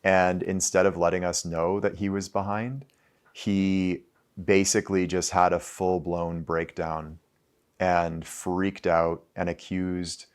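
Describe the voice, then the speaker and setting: A man in his thirties addresses a live audience casually in a deep, level, smooth voice, taking it slowly. His talk is loose and conversational, full of "like" fillers and the occasional swear word.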